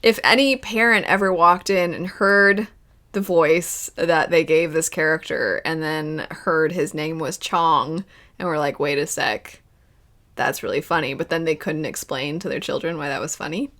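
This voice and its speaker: A woman hosting a video and giving casual reaction commentary on a cartoon series, animated and emotional and laughing often. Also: low voice, moderate pace.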